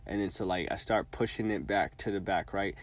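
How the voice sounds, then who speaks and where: A man's voice: sits low, a little fast. A man in his twenties telling a long personal story in casual, profane, rambling speech full of filler words. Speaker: vlogger.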